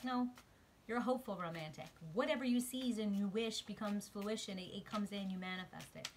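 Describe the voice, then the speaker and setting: Woman, tarot reader, emotional and gushing, mid pitch, faint background noise. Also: normal speed. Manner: emotional, swings from murmured to excited exclamations. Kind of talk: spiritual tarot reading to viewers. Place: outdoors.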